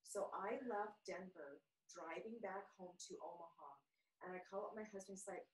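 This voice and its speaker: A woman telling a spiritual story in a casual, animated way, playing the voices of people in it. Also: medium pitch, moderate pace, distant mic. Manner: animated, playful, acts out voices in her stories. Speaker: guest storyteller. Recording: echoey room, voice a bit off-mic.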